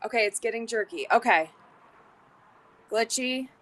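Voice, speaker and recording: Her voice sits on the high side, unhurried and slightly bright. She's hosting and selling on a relaxed livestream, speaking bluntly with plenty of swearing and a rambling flow full of restarts.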